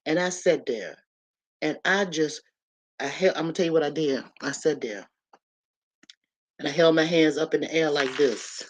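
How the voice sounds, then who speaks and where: Animated woman telling a story to camera. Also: deep voice, moderate pace, pauses often. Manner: animated, talks straight to viewers, repeats phrases for emphasis. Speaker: vlogger. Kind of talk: casual personal storytelling to camera.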